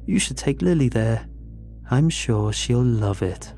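A sing-song older lady next door, chirpy and soft-spoken, with something quietly sinister underneath, as a male storyteller puts her on in a raised voice. Her warm, mellow tone stays gentle and unhurried. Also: mid-range voice, expressive, faint music behind. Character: sweet-talking older woman neighbor, quietly sinister.

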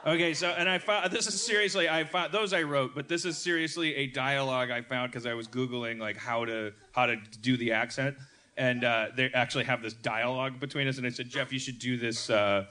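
A man's voice: medium pitch, fairly even intonation, a little fast, pushed and bright. A man hosting a comedy podcast, chatting in a rambling way with frequent laughs and restarts. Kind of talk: casual comedic chat.

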